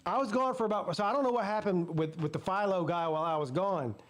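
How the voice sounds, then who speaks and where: This sports channel host has a high, quick voice as he runs a live football watch party, ranting casually and swearing freely while telling stories.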